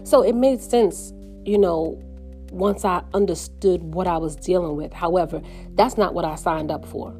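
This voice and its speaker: Earnest woman with a mellow voice. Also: on the low side, faint music behind. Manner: earnest, reflective, slows down on painful parts. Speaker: mother sharing her story. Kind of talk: personal reflective monologue.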